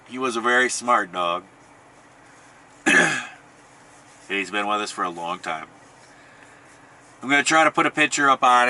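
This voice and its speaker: A man's voice: low-pitched, bright, forceful tone, a little hiss or hum. A middle-aged man casually telling a rambling family story, often restarting and chuckling. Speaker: podcast host.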